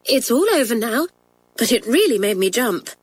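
A nervous young schoolmistress with a lifted, fretful voice that rises high and strains when things go wrong, as a woman reading the story puts her on. The delivery stays anxious and flustered, pitched well above a plain reading voice. It has the polished, even sound of a storybook reading. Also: moderate pace, husky. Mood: soothing.

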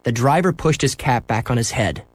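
Storyteller man for a kids' book, lively pitch, dry close sound. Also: moderate pace, no room sound. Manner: expressive, playing out sound effects. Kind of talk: reading a children's book aloud.

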